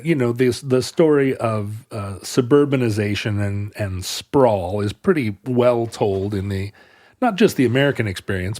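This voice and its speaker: A man's voice: medium pitch, a little mellow. A man co-hosting a podcast, talking through history in a long, winding, explanatory way. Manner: discursive, explaining history at length. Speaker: podcast co-host. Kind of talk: casual chat.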